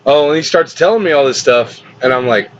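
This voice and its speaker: A man's voice: a little high, brisk. A man who hosts a podcast and wrestles professionally, telling a story casually, laughing often and swearing freely. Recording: dull lo-fi recording with faint hiss.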